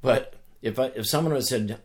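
A man talking as a guest in a casual conversation, telling a story with animated energy and earnest restarts. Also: medium pitch, moderate pace. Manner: animated storyteller who acts out voices. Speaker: author and guest.

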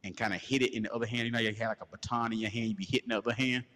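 A man hosting a podcast, telling a crude comedic story in a loose, animated way and laughing as he goes. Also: mid-range voice, racing, background noise. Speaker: podcast host. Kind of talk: casual comedic storytelling rant. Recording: long hall reverb.

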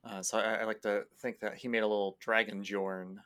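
Man, player, lowish voice, hesitant, lots of uh and restarts, casual game recap. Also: flat delivery, brisk, fairly bright tone. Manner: hesitant, many fillers and restarts.

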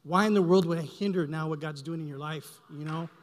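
A middle-aged man giving a heartfelt, halting church testimony, often repeating words as he speaks. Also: fairly high pitch, noisy background. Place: church sanctuary. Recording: long hall reverb.

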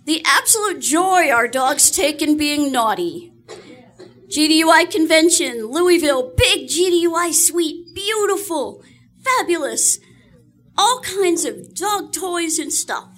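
High bright-voiced woman host. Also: animated, slow pace. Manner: chatty, laughs often. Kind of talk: casual storytelling.

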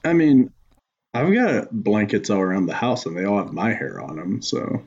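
A man's voice: fairly low pitch, sing-song, normal speed, creaky, muffled recording, crowd noise. A man co-hosting a comedy podcast, rambling and jokey, laughing often as he riffs. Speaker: podcast co-host. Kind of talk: casual comedy podcast banter.

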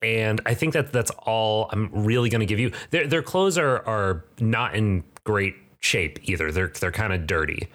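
A man narrating as game master, halting and restarting as he describes the scene. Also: lowish voice, a bit bright. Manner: halting, lots of fillers and restarts.

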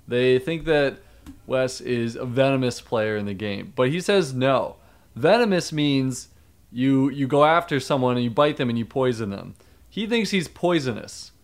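A man's voice: medium pitch, normal speed. A man co-hosting a podcast in a casual chat, talking loosely with lots of fillers and frequent laughs. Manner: chatty, laughs often, many fillers. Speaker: podcast co-host.

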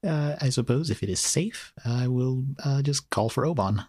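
Lady player with a super low husky voice, dry close sound. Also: animated, moderate pace, warm tone, dry recording. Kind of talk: tabletop role-play.

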